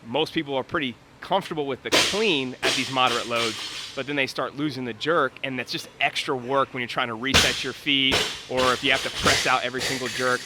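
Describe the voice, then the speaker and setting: A man's voice: medium pitch, fairly even intonation, brisk, heavy background noise. A man coaching and commenting live on a workout in a gym, explaining technique and calling out times.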